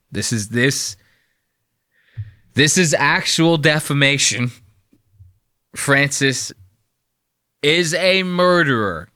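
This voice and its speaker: A man's voice with a bright, tense edge, riffing crudely and mockingly over video clips. It is recorded dry and close, with no room sound at all. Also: mid-range voice, no room sound. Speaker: podcast host reacting to clips. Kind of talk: profane comedic commentary.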